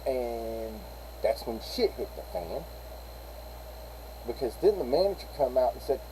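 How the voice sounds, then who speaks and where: A man's voice: mid-range voice, animated, measured pace, long pauses, mellow, a little hiss or hum, rough recording. A middle-aged man, rambling through a casual story on a live stream and acting out the people he quotes.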